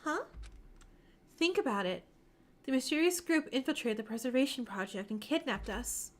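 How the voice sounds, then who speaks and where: A woman's voice: high-pitched, expressive, moderate pace. A woman voicing a young heroine who speaks firmly and reassuringly to a friend in a fan-made visual novel.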